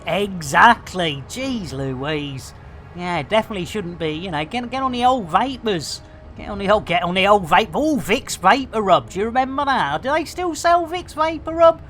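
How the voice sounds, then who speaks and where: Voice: medium pitch, lively intonation, moderate pace, fairly bright tone, slight background noise. A streamer, chatting boisterously and cracking jokes while playing a space game. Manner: boisterous, jokey, rambling.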